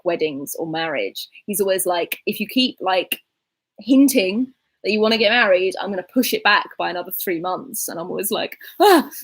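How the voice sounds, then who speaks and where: A woman's voice: on the low side, rough recording. A young woman from England with a southern English accent, chatting casually and rambling while she answers viewer questions, laughing often. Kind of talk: casual chat.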